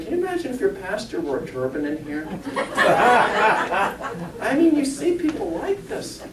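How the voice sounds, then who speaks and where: A man's voice: sits high, wildly swooping pitch, moderate pace, background noise. A man, a spiritualist minister and medium, giving an informal talk to a congregation, chatty and humorous, often asking the audience questions. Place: church hall. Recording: echoey church from a distant mic.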